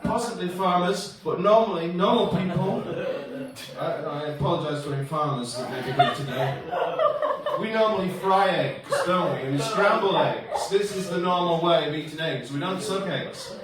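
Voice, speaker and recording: A man's voice: high voice, normal speed, a crowd in the background. A man doing stand-up comedy in a pub, rambling and self-deprecating as he acts out bits of dialogue. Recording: roomy echo from far off.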